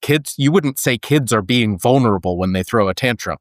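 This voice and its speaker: A man's voice: medium pitch, animated, fairly quick, dry recording, studio quality. A man co-hosting a podcast, talking in earnest and thinking aloud with frequent restarts. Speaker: podcast co-host. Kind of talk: casual conversational podcast.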